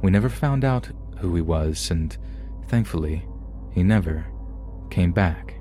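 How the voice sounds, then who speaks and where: Man, deep voice, mellow tone, calm narration of scary stories. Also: measured pace, soft background music. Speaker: podcast narrator. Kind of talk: scripted narration of submitted stories.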